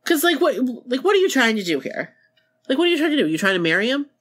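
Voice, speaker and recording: A woman's voice: high-pitched, very animated, quick pace, fairly bright tone. A woman co-hosting a podcast in casual chat, teasing her friend, acting out her reactions and laughing often, sniffly with a cold. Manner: frequent "like" fillers, laughs often. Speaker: podcast co-host.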